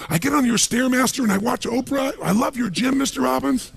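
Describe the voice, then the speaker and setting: Guy doing a squeaky, gushy housemaid voice, all sing-song and fawning, kinda raspy. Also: brisk, exaggerated voice. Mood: gushing. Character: gushing grateful housemaid woman, breathless with delight.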